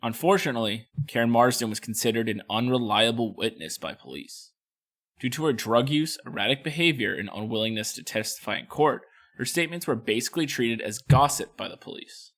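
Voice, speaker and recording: A man's voice: mid-range voice, expressive, brisk, fairly bright tone. A man co-hosting a true-crime podcast, reading out case notes and joking between them. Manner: reads case notes, then jokes and chats.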